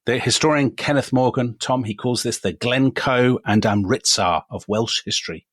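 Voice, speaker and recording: A man's voice: mid-range voice, moderate pace, hardly any pauses, a bit bright, no room sound. An English man co-hosting a history podcast, telling the story in a chatty way with self-deprecating asides. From England. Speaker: co-host. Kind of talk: casual history podcast chat.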